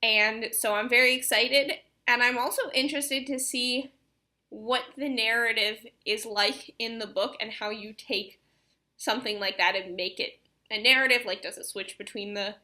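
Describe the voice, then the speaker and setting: Bright-voiced chatty young woman. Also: a little high, steady tone, normal speed. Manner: chatty, rambling, with many fillers and restarts. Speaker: book vlogger. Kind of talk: casual chat.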